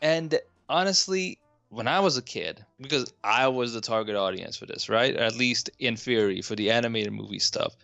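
A man's voice: medium pitch, normal speed, creaky, pushed and bright, dry recording, dull audio. A man in his thirties co-hosting a podcast, talking about old films in a rambling, opinionated way that keeps correcting itself. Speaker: podcast co-host. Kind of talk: casual film discussion.

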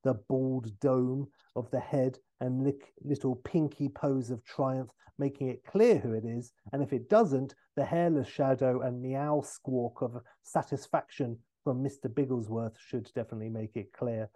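A man hosting a podcast, telling a comic film pitch in a rambling way with fillers and self-corrections. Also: measured pace, hardly any pauses, warm tone.

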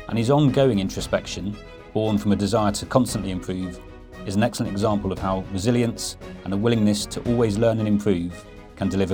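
A man reads a scripted closing reflection for a podcast, measured and even in his delivery. His voice is on the low side. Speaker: podcast host. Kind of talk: scripted narration.

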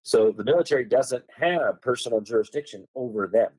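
A man's voice: medium pitch, a little fast, a little mellow, breathy edge, no echo, low-quality recording. A man as a podcast guest, explaining legal texts and reading them aloud, stressing key words with marked tone changes. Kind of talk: explaining law in a podcast conversation.

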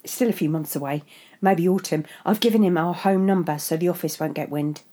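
A woman's voice: lowish voice, a little fast, dark tone, lightly acted. A woman voicing a condescending young husband and father, proud of himself, in a story reading. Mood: smug.

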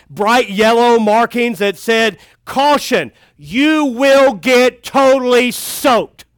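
A man's voice: high voice, fairly bright tone, smooth, dry recording. A middle-aged man, a pastor, telling funny family stories in a folksy camp sermon. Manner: folksy and humorous, acting out a child's cries.

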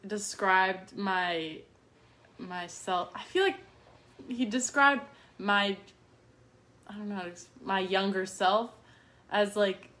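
A young woman chatting casually beside her mother, her stories wandering and padded with "like" and "um". Her voice sits at an ordinary pitch with an everyday tone. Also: takes it slowly, long pauses, a bit bright. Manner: rambling, full of fillers like "like". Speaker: daughter and co-host. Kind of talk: casual chat.

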